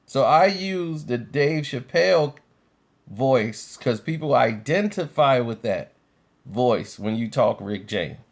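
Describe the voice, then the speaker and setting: A man talking casually to his viewers in an unhurried, conversational way, laughing easily. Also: mid-range voice, animated. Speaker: video commentator.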